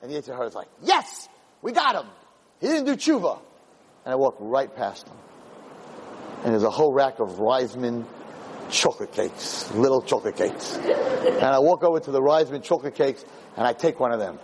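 A man who lectures on Jewish themes, delivering an animated, dramatic storytelling sermon. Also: mid-range voice, fairly quick, slight background noise, low-quality recording.

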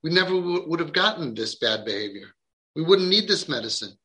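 A man's voice: fairly high pitch, big pitch swings, fairly quick, sharp tone. A man coaching parents in an impassioned podcast talk, emphatic and repeating words for stress.

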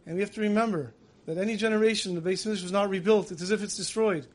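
A man giving a storytelling sermon, acting out quotes and dropping soft on emotional lines. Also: high voice, fairly even intonation, rapid-fire. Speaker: rabbi giving a Tisha B'Av lecture.

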